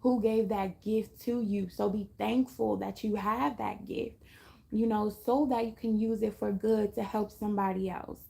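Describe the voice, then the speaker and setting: A woman's voice: mid-range voice, fairly even intonation, unhurried, vocal fry, dark tone. A woman giving a casual spiritual talk to her viewers, chatty, often laughing and acting out little voices. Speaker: astrology reader.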